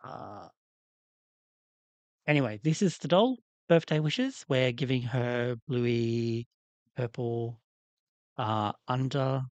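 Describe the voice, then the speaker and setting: A man's voice: mid-range voice, expressive, takes it slowly, pauses often, a little mellow, smooth, no echo. A man hosting a livestream, chatting casually in a rambling, candid way while he works on a doll. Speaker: livestream host.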